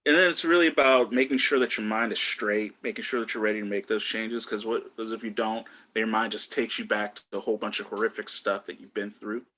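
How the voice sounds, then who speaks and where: Male stand-up comic with a bright, forward tone, rambling and full of fillers, on a video call. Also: fairly low pitch, fairly even intonation, fairly quick, hardly any pauses. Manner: loose, rambling delivery with many fillers and restarts. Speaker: stand-up comedian.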